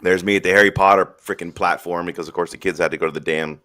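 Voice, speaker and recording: A man's voice: low voice, steady tone, quick pace, sharp tone. A man hosting a live stream in casual chat, rambling through stories in a blunt, profane way.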